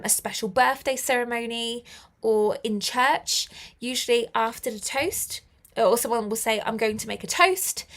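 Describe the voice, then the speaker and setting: A young woman with a British accent runs a live online English lesson, cheering her learners on and laughing lightly between examples. Her voice sits high, with a gravelly fry at the ends of phrases. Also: a bit bright. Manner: encouraging, praises learners often, laughs lightly. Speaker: English teacher.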